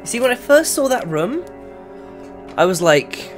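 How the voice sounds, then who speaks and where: A streamer narrating a horror game live, talking straight to the chat in a chatty, wandering way. The voice swings widely in pitch, dropping low and mumbly when calm and jumping to loud yelps when something attacks. Faint game music plays underneath. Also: a little slow. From England. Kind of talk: live gameplay commentary.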